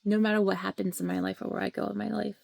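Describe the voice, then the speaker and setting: A woman talks fast in a level, mid-range voice that's creaky and darkish. Filming herself at home on a handheld camera or phone, she pours out her grief in a raw, rambling, emotional vlog, sometimes falling to a whisper.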